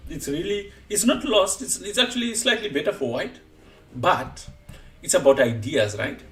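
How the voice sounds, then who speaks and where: Lively high-voiced man coaching chess. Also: normal speed, echoey room, distant mic. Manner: animated, laughs often while explaining. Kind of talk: live-streamed chess lesson.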